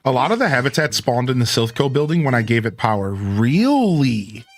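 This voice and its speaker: His medium-pitched voice swings widely in pitch at a moderate pace as he commentates a game stream in a relaxed let's play style. He greets chat, says "dude," and hums along over soft background music.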